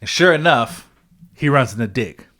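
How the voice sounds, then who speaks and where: A young man with an ordinary mid-range voice chats on a podcast. He rambles through a story excitedly, stacking fillers and the odd swear word, like a buddy catching a friend up. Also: medium pitch, normal speed. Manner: excited, rambling retelling with many fillers and profanity. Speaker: podcast co-host. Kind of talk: casual podcast chat.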